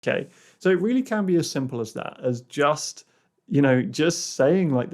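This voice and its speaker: Soft-spoken man coaching through a story. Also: lively intonation, moderate pace. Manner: storytelling, frequent fillers and restarts, drops to a soft low voice when quoting. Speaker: personal growth coach. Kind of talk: solo podcast monologue.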